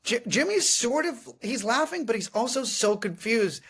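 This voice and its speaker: A man in his thirties hosting a podcast, telling comic stories in a casual, animated way and often laughing. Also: very high voice, normal speed, slightly rough. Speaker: podcast host. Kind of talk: casual comedic storytelling.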